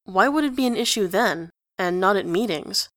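An earnest, sheltered teenage boy, voiced by a woman reader, sincere and a little puzzled. Plain mid pitch with dry close sound. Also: lively intonation, moderate pace, fairly bright tone, no echo, natural voice.

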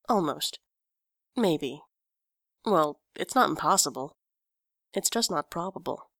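A woman narrating a story in an even, expressive audiobook reading. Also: on the low side, no echo, clean studio sound.

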